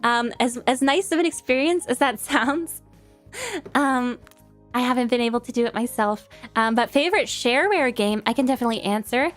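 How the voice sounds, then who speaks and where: Young woman, New York accent, high bright voice, giggly casual stream chat over faint music. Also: brisk. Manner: giggly, lots of fillers and restarts. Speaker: streamer answering viewer questions.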